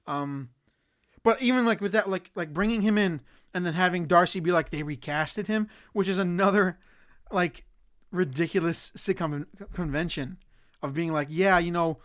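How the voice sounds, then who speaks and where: A man's voice: high voice, moderate pace, a bit bright. A young man hosting a solo podcast, ranting casually and swearing often in an exasperated tone. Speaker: podcast host.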